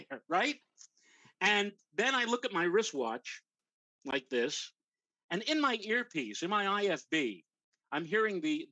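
A man's voice: fairly high pitch, no room sound, rough recording. An older man, a weather show host, telling a long anecdote in casual chat and acting out the voices of the people in it. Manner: animated anecdote teller, acts out quoted voices.

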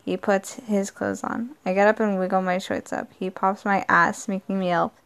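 A woman reads a first-person story aloud in a plain voice, medium-pitched and level at normal speed. Her tone is gravelly, a bit bright and smooth, and she often slips, stumbles and restarts to correct herself.

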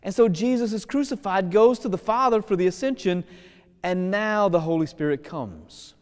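High-voiced priest preaching in a reverberant church. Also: male voice. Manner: lively, casual preaching that slows for emphasis. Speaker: Catholic priest. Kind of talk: sermon.

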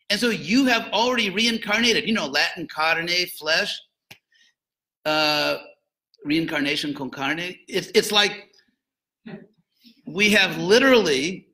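A man speaking in a somewhat high register and a bright, forceful tone. He lectures informally on philosophy, wandering off into jokey asides before returning to his point. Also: rough recording.

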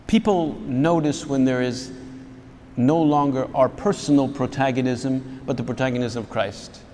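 A man's voice: fairly high pitch, darkish tone, a little hiss or hum. A man, a priest, giving a reflective spiritual talk to fellow priests. He searches for words as he goes and often restarts his phrases. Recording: long hall reverb.

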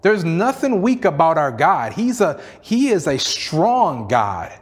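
A man's voice: on the high side, sing-song, takes it slowly. A male pastor preaching a sermon in an emphatic, repetitive style, sprinkled with "you know" and small chuckles.

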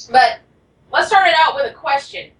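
A woman hosts a casual call-in radio show, rambling along quickly and commenting on herself as she goes. Her voice is bright and a little high, and she sounds set back from the microphone. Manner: rambling, quick, self-aware. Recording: voice from far off the mic.

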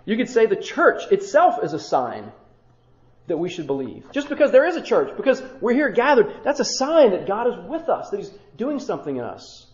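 A male pastor preaching a sermon in an animated way, acting out the dialogue he quotes. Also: high voice, normal speed, echoey room, highs cut off.

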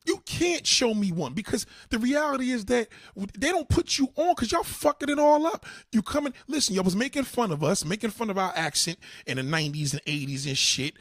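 Husky, animated man ranting. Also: high-pitched, fairly quick, few pauses, no echo, clean studio sound. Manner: blunt, repetitive, swearing a lot. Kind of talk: heated profane monologue.

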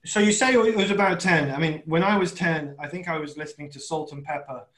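Speaking a little fast in a fairly high, somewhat bright voice, a podcast co-host keeps the casual chat going with long, rambling questions and a chatty, self-deprecating manner. It's a low-quality recording.

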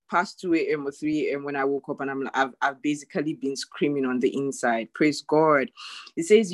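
A woman's voice: low voice, no room sound. A woman pastor preaching a sermon, earnest and emphatic, repeating her key phrases.

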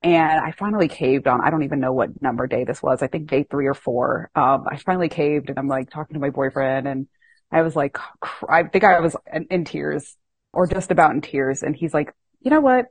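Woman podcast host: low, husky voice, dry close sound, animated and self-mocking storytelling. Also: a little fast, no echo. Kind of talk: casual storytelling chat.

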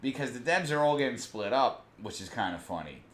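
A young man co-hosting a podcast, talking in loud, laughing, swearing banter. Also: mid-range voice, animated, brisk, roomy sound. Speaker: podcast co-host. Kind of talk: casual chat.

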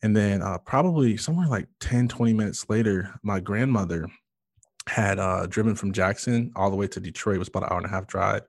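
A man's voice: fairly low pitch, brisk, gravelly, dry recording, clean studio sound. Earnest man telling a personal story. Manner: earnest, emotional storytelling with many fillers and restarts. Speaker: guest sharing his testimony. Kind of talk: personal testimony in conversation.

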